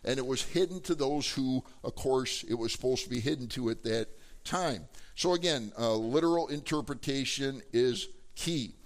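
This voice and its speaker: A man preaching a sermon, talking in a loose, conversational way with frequent fillers and rhetorical questions to the congregation. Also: medium pitch. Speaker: pastor.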